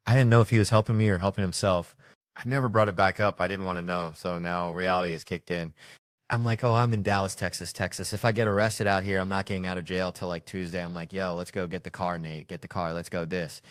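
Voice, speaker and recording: A man's voice: on the low side, dry recording, studio quality. A man doing stand-up, telling a profane story and acting out the people in it. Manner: animated, profane, acts out characters. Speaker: stand-up comedian.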